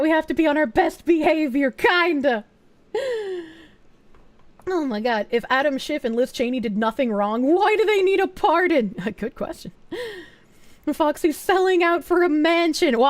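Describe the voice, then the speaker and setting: A woman streamer talking casually to her chat, quick to get excited and free with swearing. Her voice sits high. The sound is dry and close, with no room in it. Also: no room sound. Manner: excitable, swears freely, reads chat aloud.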